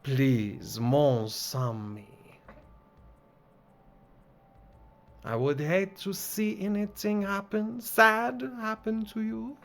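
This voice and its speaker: A man's voice: high voice, slow, a bit bright, soft background music, voice pushed up, exaggerated voice. A man voicing a flamboyant, flirtatious female jester who speaks with a put-on French accent and drops in French words. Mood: flirty mocking.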